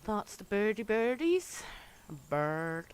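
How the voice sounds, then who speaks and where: A medium-pitched, sing-song voice moves at a slow pace over slight background noise. It belongs to a young Danish-native game streamer chatting casually with viewers, bawdy and playful, with plenty of laughter and swearing.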